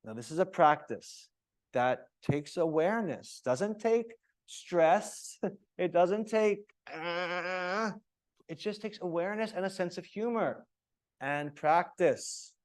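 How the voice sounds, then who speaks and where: Male yoga teacher trainer, slightly high voice, emphatic lecturing to a live class. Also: takes it slowly. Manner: animated, emphatic, checks in with "okay?".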